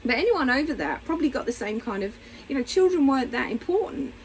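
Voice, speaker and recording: A middle-aged woman therapist talking casually and bluntly to camera, candid and animated. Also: sits high, fast talker, slight background noise, rough recording. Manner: candid, blunt, animated, acts out little voices. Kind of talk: casual explanatory talk to camera.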